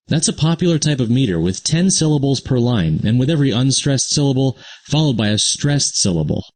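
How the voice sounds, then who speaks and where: In scripted, cheerful narration, a man plays a friendly young cartoon guide introducing poetry basics, explaining plainly and responding to an unheard sidekick. His voice is natural, mid-range, and a little mellow.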